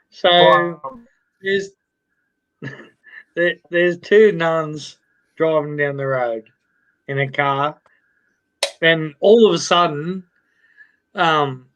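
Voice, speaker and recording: A man's voice: fairly high pitch, fairly bright tone, rough recording. A man hosting a live stream, telling a crude joke in a rambling way, with a lot of swearing and restarts. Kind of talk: casual chat, telling a joke.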